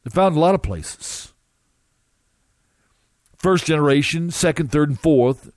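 A man recounting a dramatic first-person testimony as a minister, emphatic and halting, with drawn-out pauses. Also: a little high, darkish tone, no room sound, clean studio sound.

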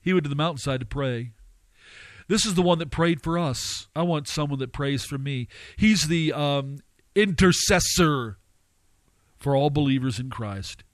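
A man's voice: unhurried, dry recording. A man preaching a sermon to listeners. He asks them rhetorical questions and works up to fervent, pleading surges. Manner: impassioned, surging to fervent high-pitched pleading. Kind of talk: radio sermon.

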